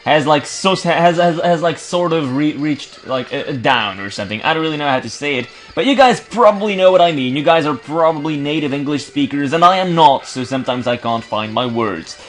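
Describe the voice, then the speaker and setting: A man's voice: a little high, brisk, hardly any pauses, faint music behind. A man casually commentating his gameplay, stuttering and restarting words often, with joking, sarcastic asides. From Belgium. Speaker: let's play commentator.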